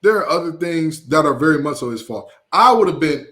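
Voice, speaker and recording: A man co-hosting a sports podcast, talking in an animated, emphatic way with playful asides. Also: a little high, brisk, hardly any pauses. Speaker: podcast co-host. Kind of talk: casual sports chat.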